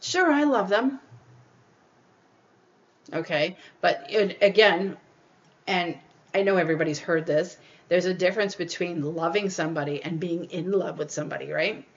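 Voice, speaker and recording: A woman's voice: on the low side, steady tone, moderate pace. Earnest woman podcast host, lo-fi. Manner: earnest, repeats points, acts out quoted people. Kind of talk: casual advice talk.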